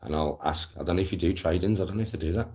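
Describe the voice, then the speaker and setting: A man's voice: deep voice, rapid-fire. Slangy man ranting on a livestream. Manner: animated, swearing, slangy rants. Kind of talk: casual live-stream chat to viewers.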